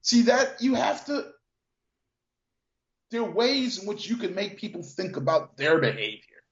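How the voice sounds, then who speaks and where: An older man and former car dealer telling stories in a relaxed, reflective way, repeating words and using lots of fillers. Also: high-pitched, a little slow. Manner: reflective, restarts and repeats words, many "you know" fillers. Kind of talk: casual storytelling conversation. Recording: echoey, dull lo-fi sound.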